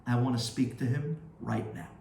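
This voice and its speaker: A man voicing a revered old male rabbi who gives quiet, firm orders in a low voice. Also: steady tone, moderate pace, creaky, slight background noise, natural voice. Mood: commanding. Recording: roomy echo.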